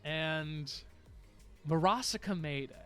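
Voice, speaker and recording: A man's voice: a little high, slow, fairly bright tone, clean tone, soft background music. A man streaming live, chatting casually and rambling to his viewers with frequent laughs.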